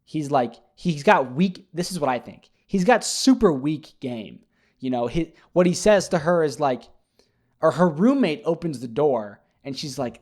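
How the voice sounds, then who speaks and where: A man's voice: fairly high pitch, a little slow. Rambling man recapping a show. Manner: rambling, animated, many fillers and restarts. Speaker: podcast host. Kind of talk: casual solo recap chat.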